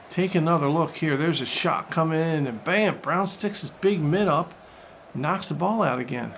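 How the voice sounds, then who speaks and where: A man commentating on his own football video game like a jokey sportscaster, getting loud and excited during attacks and saves. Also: fairly high pitch, moderate pace, slight background noise. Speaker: gaming YouTuber. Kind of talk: let's-play commentary.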